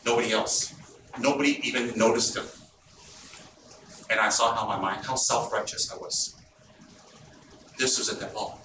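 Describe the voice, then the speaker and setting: A man giving an informal Buddhist teaching, telling stories in an animated, blunt and teasing way. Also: medium pitch, moderate pace, long pauses. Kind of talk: informal dharma talk. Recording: roomy, distant mic, background noise.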